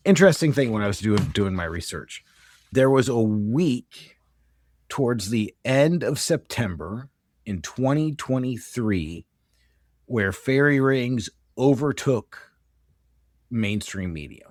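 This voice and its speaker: A man's voice: medium pitch, expressive, slow, darkish tone, dry recording, studio quality. An American man co-hosting a podcast, talking casually from his notes and often stumbling and correcting himself mid-sentence. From United States. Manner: rambling, self-correcting, stumbles over words. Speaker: podcast co-host. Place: home with dogs nearby.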